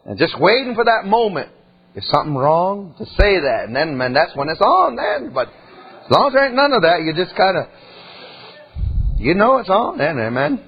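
A man preaching a sermon in a folksy, animated way, full of asides and questions to the congregation. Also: high-pitched, moderate pace, slightly rough, muffled recording.

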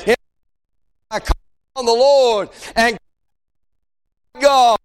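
A man preaching a fiery revival sermon, chanting and crying out in rising, shouted bursts. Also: very high voice, slow pace, clear, resonant tone.

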